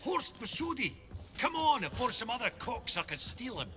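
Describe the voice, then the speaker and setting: A man's voice: very high-pitched, very animated, moderate pace, noisy background. An actor voicing a jovial male banker in a video game who talks in a chummy, eager way.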